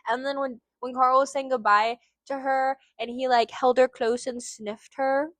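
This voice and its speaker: Brief: woman vlogger, slightly high voice, excitable, rambly fan energy, dry close sound. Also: moderate pace, no room sound. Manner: gushing, rambling, goes on tangents; swears casually. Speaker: book vlogger. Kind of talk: casual book review chat.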